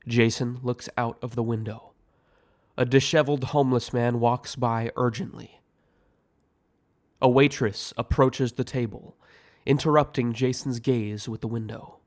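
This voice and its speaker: A man reading aloud the scene directions of his own audio screenplay in a measured way. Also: medium pitch, steady tone, a little mellow. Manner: slow, measured. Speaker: writer and director narrating.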